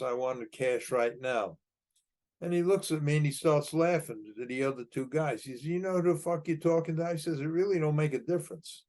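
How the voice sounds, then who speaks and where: An older American man, a podcast guest, tells a long story from his past in casual fashion, rambling with repeated words and restarts and acting out tough-guy dialogue. His voice is on the high side with a darkish tone.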